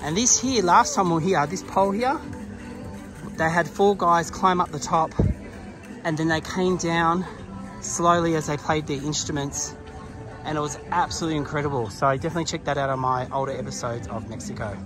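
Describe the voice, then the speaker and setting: A man's voice: on the high side, fairly quick, over music. A man narrating a casual travel vlog outdoors at a pyramid site, chatty and laughing often, out of breath from the climb. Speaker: travel vlogger.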